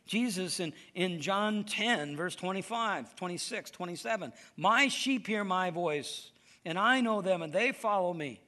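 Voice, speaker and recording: A man's voice: sits high, bright, forceful tone. A male pastor preaching a sermon in an emphatic, conversational way.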